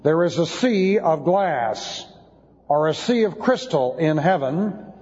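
A man's voice: a little high, expressive, slow pace, darkish tone. A man teaching an expository sermon, spelling out Greek words letter by letter. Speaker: Bible teacher. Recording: dull lo-fi sound with long hall reverb.

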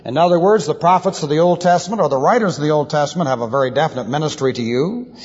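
A man's voice: fairly high pitch, fast talker, breathy edge. A man teaching the Bible as a pastor, spelling out Hebrew and Greek terms letter by letter and adding dry asides. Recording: dull lo-fi tape in a reverberant hall.

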